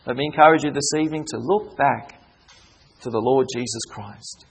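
A man preaching an evening sermon, who swings from emphatic calls to hushed, soft pleading. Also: mid-range voice, normal speed, creaky, a little hiss or hum, poor audio.

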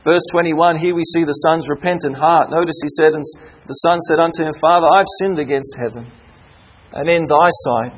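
Male preacher, husky tone, earnest sermon delivery, emphatic repetition. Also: on the high side, moderate pace, low-quality recording.

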